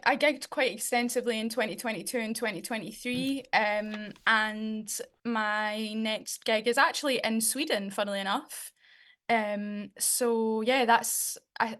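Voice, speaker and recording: A woman's voice: on the high side, a bit bright. A woman, a singer guest on a radio show, chatting in a playful way and laughing easily. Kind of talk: casual interview chat.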